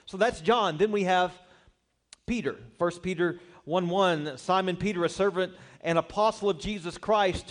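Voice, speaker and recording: Emphatic preacher with a fairly high voice. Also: male voice. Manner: emphatic, asks the congregation rhetorical questions; tells humorous personal stories. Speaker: pastor. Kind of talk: sermon.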